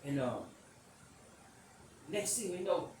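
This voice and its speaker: A middle-aged man hosts a podcast, telling a rambling family story in loose slang and acting out the other people's lines. His pitch swoops a lot as he talks. He sits back from the mic in a very echoey room, with steady noise underneath. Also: slow pace, recorded from a distance. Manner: animated, acts out quotes in a high voice; loose slangy delivery, frequent cursing. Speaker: podcast host. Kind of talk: casual storytelling monologue.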